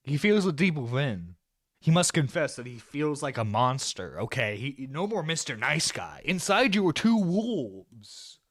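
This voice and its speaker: A man's voice: medium pitch, animated, moderate pace, fairly bright tone, no echo, studio quality. Sarcastic, profane man reacting live. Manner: sarcastic, profane, laughing often. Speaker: stream host.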